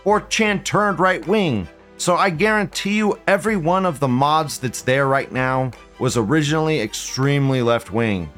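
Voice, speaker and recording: A man's voice: on the high side, expressive, normal speed, few pauses, a bit bright, faint music behind. Profane rambling male stream host. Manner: profane, rambling, repeats himself. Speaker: livestream show host. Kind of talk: casual ranting monologue.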